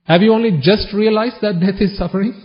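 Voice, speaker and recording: A man's voice: high-pitched, fairly quick. A man giving a Buddhist sermon, teasing his listeners with one question after another in a wry tone. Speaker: Buddhist preacher. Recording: dull lo-fi recording.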